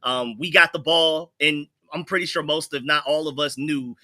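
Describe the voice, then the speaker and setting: Bright-voiced young man, relaxed chat. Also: fairly high pitch, normal speed, no room sound, studio quality. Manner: relaxed, rambling with fillers, happy gloating. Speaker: podcast guest. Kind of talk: casual sports podcast chat.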